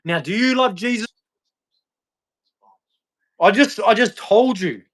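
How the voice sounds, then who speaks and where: A man's voice: sits high, slow, a bit bright. A man, ranting about faith straight to camera in a repetitive, heckling, preachy way. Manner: repetitive, heckling, challenging the listener. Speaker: vlogger. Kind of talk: preachy religious rant to camera.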